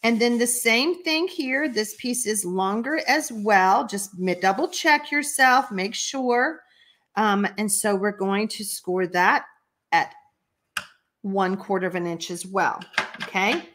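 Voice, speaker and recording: A woman's voice: mid-range voice, slow, a bit bright. A Texan woman hosting a live card-making tutorial, chatty and folksy, laughing often and reading viewer comments aloud. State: allergies, watery eyes. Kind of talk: live stream craft tutorial.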